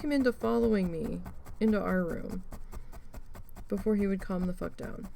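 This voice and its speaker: Crafting host, woman, gravelly fry, rambly storyteller with lots of ums, faint noise. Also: medium pitch, fairly quick, long pauses. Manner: rambling, animated, swears freely, many fillers. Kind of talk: casual storytelling while crafting.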